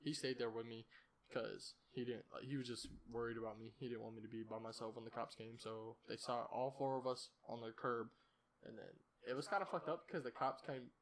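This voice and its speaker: A man's voice: mid-range voice, fairly even intonation, a little fast. A young man hosting a podcast, telling a story in a rambling, profane, casual way and laughing at himself. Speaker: podcast host.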